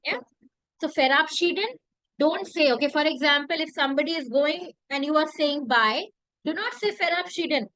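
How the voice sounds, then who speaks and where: High-voiced woman teaching, dry close sound. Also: expressive, sharp tone, no room sound, poor audio. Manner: repeats phrases slowly, asks rhetorical questions. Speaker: language teacher. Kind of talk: classroom lesson.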